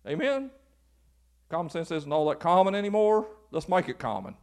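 A male pastor preaching an informal, folksy sermon that builds to animated exhortation. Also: fairly high pitch, moderate pace.

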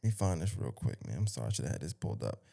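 A man's voice: very deep voice, sing-song, very fast, creaky, mellow. A man hosting a podcast, giving a casual motivational rant with lots of repetition, restarts and emphatic asides. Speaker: podcast host.

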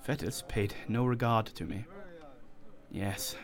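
Male storyteller for classic fiction. Steady, deliberate audiobook narration, middle pitch. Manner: measured, deliberate reading.

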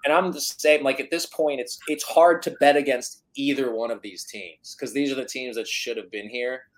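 Here a male podcast co-host weighs his sports picks aloud, his mid-range voice holding a steady tone at a moderate pace. The chat is casual, and his reasoning is thoughtful yet hedging, peppered with "like."

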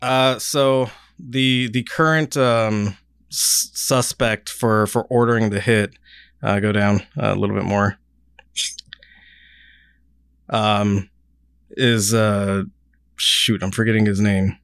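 Smooth, low-voiced podcast host. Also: male voice, steady tone, takes it slowly, fairly bright tone, no echo, clean studio sound. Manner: rambling, swears casually. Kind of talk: casual chat.

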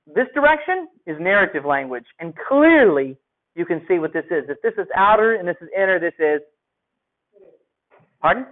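Man lecturing a class over a thin line. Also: fairly high pitch. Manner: conversational, asks students questions. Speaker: teacher. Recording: phone-like lo-fi audio.

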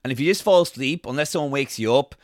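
A man's voice: medium pitch, fast talker, no echo, clean studio sound. A young man co-hosting a comedy podcast, casually retelling a film and acting out scenes in silly voices. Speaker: podcast co-host.

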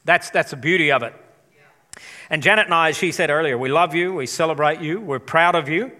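A man's voice: fairly high pitch, brisk, sharp tone. A man preaching a live church sermon, chatty and enthusiastic, rallying the congregation. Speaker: pastor. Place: large church auditorium. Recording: long hall reverb.

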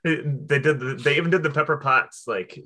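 A man's voice: on the high side, brisk, pushed and bright. A man chatting casually about a movie, easygoing and laughing often.

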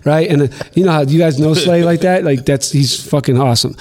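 Profane, animated man telling stories. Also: on the high side, a little fast, few pauses. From Boston. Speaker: guest, producer and DJ. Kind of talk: casual storytelling on a podcast.

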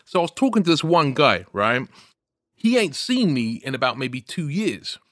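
A man's voice: on the high side, very animated, normal speed, fairly bright tone, dry recording. Guy spinning a yarn on a podcast, dead dry mic, keeps asking you know what i mean. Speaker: podcast co-host. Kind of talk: casual storytelling chat.

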